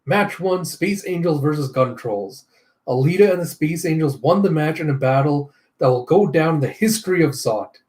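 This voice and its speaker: A man's voice: on the high side, lively intonation, moderate pace, a little mellow, lightly acted. A man voicing a male TV battle moderator, reading out match results in announcer style. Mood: announcing.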